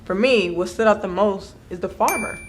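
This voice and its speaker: A podcast co-host in casual chat, speaking reflectively and encouragingly, often checking in with the listener with a quick "right?". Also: mid-range voice, a little hiss or hum.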